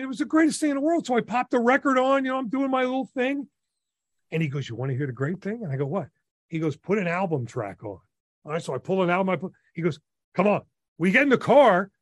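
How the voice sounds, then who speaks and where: A man in his sixties from New Jersey, a radio DJ telling stories in an enthusiastic, animated way as a podcast guest. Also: very high voice, no echo, clean studio sound. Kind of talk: casual interview storytelling.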